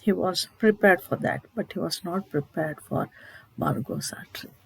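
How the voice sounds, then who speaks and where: In a literature class, a woman teacher recounts a short story, asking herself rhetorical questions and checking with "okay?" as she explains. Her lowish voice is creaky, slightly rough and very animated, at a moderate pace, on a low-quality recording.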